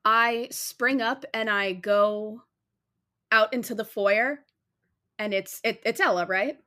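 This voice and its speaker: A woman taking part in a tabletop role-play, describing her character's actions in a relaxed, caring way. Her voice sits a little higher than most women's. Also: slow pace. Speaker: player.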